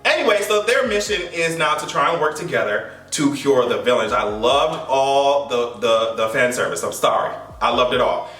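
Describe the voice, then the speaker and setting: A man recapping a movie in a casual, animated way, swearing, joking and laughing as he goes. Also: medium pitch, moderate pace, hardly any pauses, distant mic. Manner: animated, profane and playful, laughing often. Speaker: movie reaction vlogger. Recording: echoey room, voice a bit off-mic, faint music.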